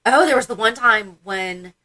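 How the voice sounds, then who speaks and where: A woman co-hosting a fan podcast in casual chat, animated and laughing often as she recaps scenes. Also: fairly high pitch, normal speed. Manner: animated, laughs often, acts out quotes from episodes. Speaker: podcast co-host.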